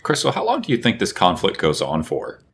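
A man with an extremely deep, low voice co-hosting a casual podcast, with faint noise underneath. He asks probing questions and slips in dry, sardonic remarks. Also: huge pitch swings, brisk, a bit bright. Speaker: podcast co-host. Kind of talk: casual chat.

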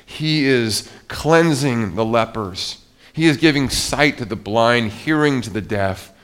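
A man's voice: medium pitch, lively intonation, takes it slowly, a bit bright, clean tone. A male pastor preaching a sermon in a conversational way, often restarting his sentences. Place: church.

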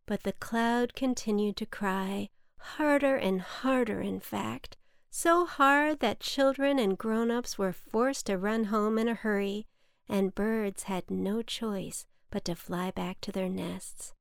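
A woman hosting a children's story podcast, narrating in a gentle, soft and soothing scripted style. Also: mid-range voice, slow pace, creaky, clean tone, no echo, clean studio sound.

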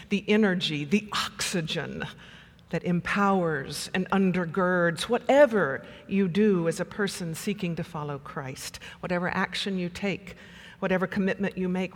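Unhurried preacher, mid pitch, lots of pauses, long church echo. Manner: measured, dramatic pauses. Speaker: pastor. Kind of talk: sermon.

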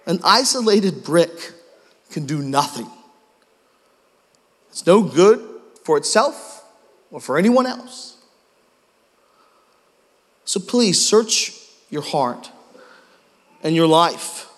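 Male pastor, sermon, self-deprecating storyteller, bright high voice, long hall reverb. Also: lively intonation, slow, pauses often.

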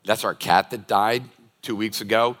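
A man's voice: lowish voice, steady tone, normal speed, fairly bright tone. An older man preaching a sermon as a pastor, telling stories and acting out everyday scenes. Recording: long reverb of a large hall.

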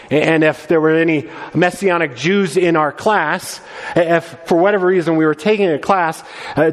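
A man delivers a sermon with earnest conviction, his voice sitting a little high. He often restarts and doubles his words as he explains. The sound rings out with the long reverb of a large sanctuary. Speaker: preacher. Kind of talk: sermon with slides.

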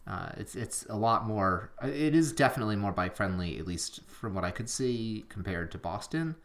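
A man's voice: lowish voice, animated, normal speed, fairly bright tone. Rambling chatty man on a podcast. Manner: rambling, chatty, self-deprecating with frequent fillers. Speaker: podcast co-host. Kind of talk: casual chat.

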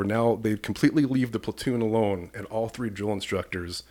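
A man from Iowa, a police commander and podcast guest, telling an animated personal story and acting out the people in it. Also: fairly low pitch, fairly quick. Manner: lively storyteller who acts out the people in his story.

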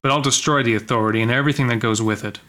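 Man co-reading a story with a friend, bright voice, hams up the lines and stops to crack jokes. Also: mid-range voice, fairly even intonation, racing. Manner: reads lines dramatically, then jokes and comments. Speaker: co-reader of a story. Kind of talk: casual reading aloud with banter.

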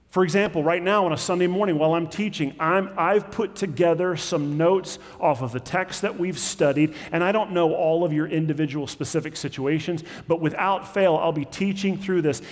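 A pastor, a man, preaches in an easy, conversational way and slips into quoted voices to make his points. His voice sits somewhat high for a man. The sound rings with the long reverb of a large hall. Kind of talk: sermon.

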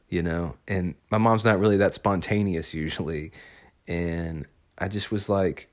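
A man's voice: low-pitched, normal speed. A young adult man from Arkansas, telling a personal story in a casual, rambling way with lots of fillers. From Arkansas, USA. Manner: relaxed, rambling with many fillers.

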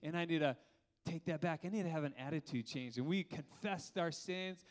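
Preaching at a normal speed, the thirty-something pastor has an unusually high voice for a man. His delivery is lively, with laughter along the way and frequent questions to the congregation.

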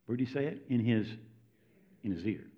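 An American man delivers a sermon in a conversational, story-driven style, frequently checking in with his listeners. His mid-range voice is expressive and a little fast, heard through a dull lo-fi recording.

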